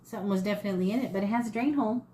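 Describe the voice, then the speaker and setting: A woman's voice: medium pitch, racing, warm tone, a little hiss or hum. A woman, chatting casually and rambling in a folksy way as she shows off her thrift finds. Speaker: thrift haul vlogger. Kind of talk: casual chat to camera.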